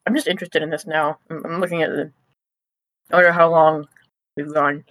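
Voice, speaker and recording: A woman's voice: sits low, little pitch movement, a little fast, fairly bright tone, dry recording, rough recording. Offhand woman podcaster with a dry sound. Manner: offhand, talks while chewing, with frequent ums and restarts. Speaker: podcast co-host. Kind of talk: casual review chat.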